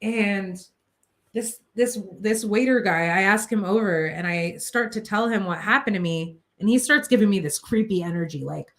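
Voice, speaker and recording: A woman's voice: mid-range voice, moderate pace. A woman vlogger recounting a personal story in a casual, emotional way, with a lot of filler words. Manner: emotional, tumbling, filler-heavy retelling.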